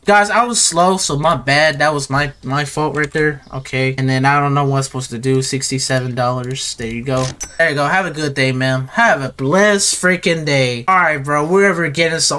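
Hyped, bright-voiced young gamer guy. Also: on the high side, slight background noise. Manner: excitable, slangy, rambling, talks to viewers. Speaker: gaming video creator. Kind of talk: casual gameplay commentary.

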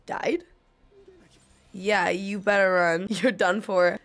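A woman's voice: mid-range voice, steady tone, slow. A young woman reacting live to an anime episode, gasping, swearing and pleading at the screen.

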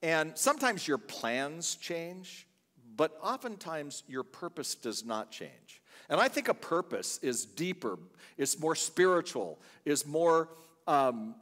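A man's voice: a little high, sing-song, slow, fairly bright tone. Older man, guest pastor, chatty funny storytelling sermon, reverberant church hall. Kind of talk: sermon with personal stories. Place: church sanctuary.

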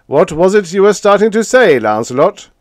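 A man's voice: sits high, very animated, normal speed, no echo, pitched above the performer's own voice. A man doing a doting old rich uncle.

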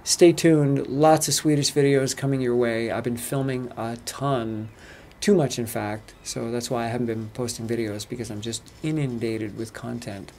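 An American man talking casually to camera as a travel vlogger, chatty and relaxed. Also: medium pitch, normal speed, a little hiss or hum. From United States. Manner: relaxed, chatty storytelling with laughs. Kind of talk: casual vlog commentary.

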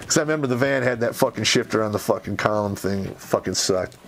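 A man casually telling an army anecdote, swearing constantly and retelling it with animated energy. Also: mid-range voice, fast talker, hardly any pauses. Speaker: army veteran storyteller.

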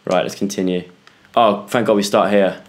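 A man's voice: on the low side, fairly even intonation, moderate pace. A young British man commentating a horror game for viewers, jumpy and yelping when scared. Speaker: gaming YouTuber. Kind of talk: let's play commentary.

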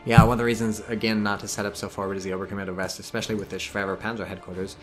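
Man, game commentator, low voice, analytical, wry, swears, game music and gunfire behind. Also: level tone, very fast. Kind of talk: casual replay commentary.

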